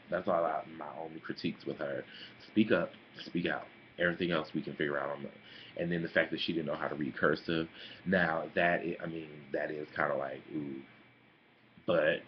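Young male vlogger, deep voice, sassy and animated, muffled home mic with faint hiss. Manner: sassy, animated, calls listeners honey and girl. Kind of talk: casual opinion vlog.

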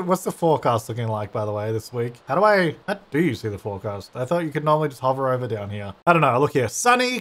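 Young male gamer, slightly high and very lively voice, casual chatty commentary, quick to laugh. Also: a little hiss or hum. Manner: chatty, laughs often, talks to game characters. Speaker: gaming YouTuber.

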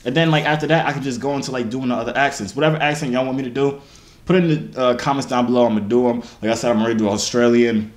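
A man's voice: mid-range voice, fairly even intonation, very fast, reverberant. A twenty-year-old man from New Jersey, a YouTuber, boasting and joking in slangy casual banter on a phone video chat.

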